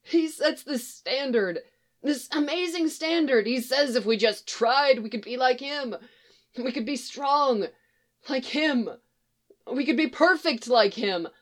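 Woman narrator putting on a desperate young time traveler, pleading, higher and strained. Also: lively intonation, takes it slowly. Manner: pleading, anxious. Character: frightened pleading young man from the future.

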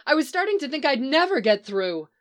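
A woman's voice: high-pitched, big pitch swings, brisk, voice pushed up. A woman reading the part of a determined, frustrated young woman who speaks insistently. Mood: relieved. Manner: urgent, insistent.

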